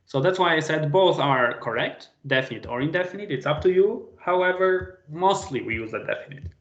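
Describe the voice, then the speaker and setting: A man's voice: on the high side, lively intonation, fairly quick, echoey room, muffled recording. A man teaching an online language class, patiently quizzing students by name on a video call.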